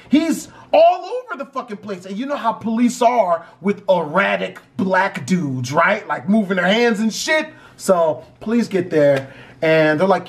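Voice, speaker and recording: A man telling a story in a casual, profane and animated way. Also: high-pitched.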